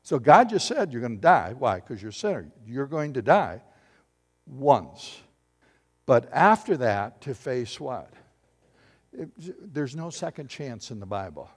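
A man preaching a sermon as pastor, animated and joking with his congregation. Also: medium pitch, measured pace, husky. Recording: long hall reverb.

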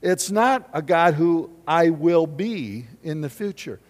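Pastor, male, slightly high voice, emphatic conversational sermon, long hall reverb. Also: lively intonation, slow pace, a little mellow. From United States. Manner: emphatic, conversational preaching with rising bursts.

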